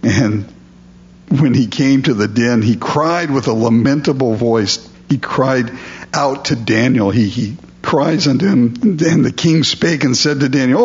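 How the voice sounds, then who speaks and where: A man preaching a sermon, reading scripture aloud and then explaining it in a relaxed, conversational way. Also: mid-range voice, unhurried, husky, lo-fi sound. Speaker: pastor.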